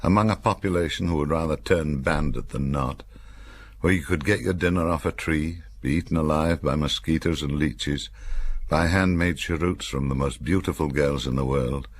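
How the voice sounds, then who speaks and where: A man's voice: very deep voice, normal speed, slight background noise. An older man from Cumbria, reading his own memoir as an audiobook with wry, dry-humoured storytelling.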